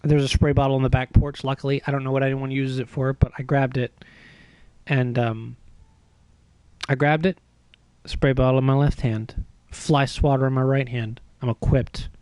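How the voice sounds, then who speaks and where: A man streaming a game, telling a story in a casual, animated, self-mocking way with swearing. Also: medium pitch, moderate pace, clean tone, no room sound.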